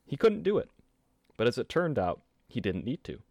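Lively male podcast host reading history. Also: normal speed, no room sound, clean studio sound. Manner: animated storytelling with lively pitch. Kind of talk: casual podcast chat, reading history aloud.

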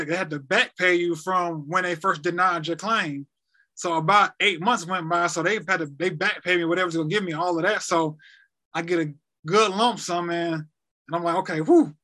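A man's voice: sits high, pushed and bright. A young man casually telling a personal story, rambling and repeating himself as he acts out conversations.

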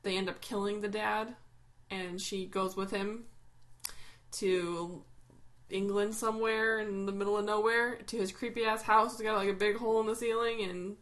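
A woman co-hosting a casual podcast chat, rambling and pausing often with ums. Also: mid-range voice, fairly even intonation, a bit bright. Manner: rambling, hesitant with many ums. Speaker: podcast co-host.

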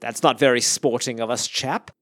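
A man's voice: mid-range voice, fairly even intonation, normal speed, a bit bright, no room sound, close to an everyday voice. A man voicing a noble young male alien warrior in a put-on semi-British accent, lofty and proper. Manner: lofty, proper, slightly pompous.

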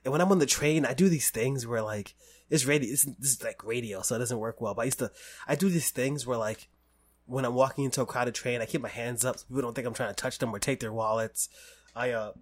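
A man's voice: mid-range voice, fast. A man from the United States hosting a casual conversation, telling long rambling stories full of "like" and "you know.". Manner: rambling storyteller, many fillers.

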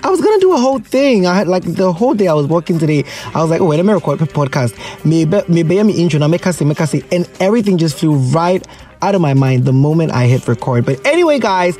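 A man's voice: a little high, sing-song, fast talker, dark tone, faint music behind. A man with a Ghanaian accent hosting a podcast from his closet at home, chatting casually and joking, slipping into local slang. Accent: Ghanaian English. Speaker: podcast host. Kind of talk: casual chat.

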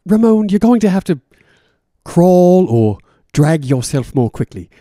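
A man's voice: high voice, very animated, measured pace, dark tone, no echo, studio quality. A man voicing a prim, pompous older escapee with fussy, over-refined phrasing. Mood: prissy, cold.

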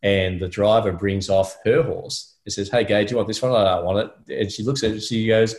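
A man's voice: fairly low pitch, fairly even intonation, fairly quick, a little mellow. A middle-aged Australian man, a podcast co-host, telling a rambling personal story in casual chat with many fillers.

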